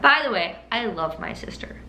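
A young woman with a bright, crisp voice tells a story from her childhood in a casual vlog. She chats along animatedly, laughing often and scattering filler words. The room sounds echoey, with a faint hiss underneath. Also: medium pitch, lively intonation, moderate pace. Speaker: vlogger. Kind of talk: casual story-time monologue.

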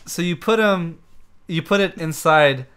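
A man's voice: on the high side, unhurried, fairly bright tone. A man co-hosting a casual podcast, explaining things hesitantly with lots of "like" and laughing along. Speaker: podcast co-host. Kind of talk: casual chat.

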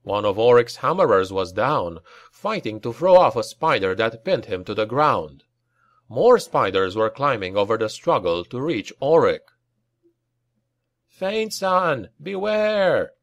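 A man's voice: very animated, normal speed, no room sound. Dramatic male audiobook narrator, dry sound. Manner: dramatic reading, raising pitch for shouted lines. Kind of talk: scripted narration.

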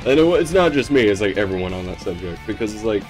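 Deadpan sarcastic man gaming. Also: on the low side, fast, soft background music. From United States. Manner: sarcastic, deadpan, swears freely; rambling with frequent fillers and restarts. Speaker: gaming channel host. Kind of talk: casual gameplay commentary.

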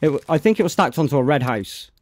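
A British man with a fairly high voice talks casually through a live game stream. He keeps up easy commentary and warmly names viewers as they arrive. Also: expressive, quick pace, a little hiss or hum. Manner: greets chat viewers by name between gameplay remarks. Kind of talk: casual live-stream chat while playing.

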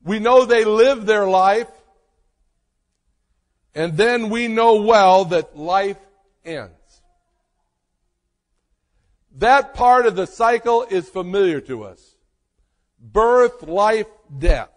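A man preaching in a high, unhurried voice, leaning on each word with emphatic weight and long pauses. His sermon rings out with a long reverb trailing behind it. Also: animated. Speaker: pastor.

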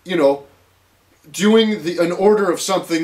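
A man's voice: high-pitched, normal speed, long pauses, darkish tone. A man ranting casually to camera, rambling and profane, full of fillers and restarts. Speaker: vlogger.

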